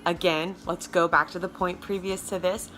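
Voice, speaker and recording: A woman vocal coach with a Southern American accent and a low alto speaking voice, giving a chatty, emphatic lesson straight to her viewers. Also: little pitch movement, moderate pace, fairly bright tone, faint music behind. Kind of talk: casual video lesson.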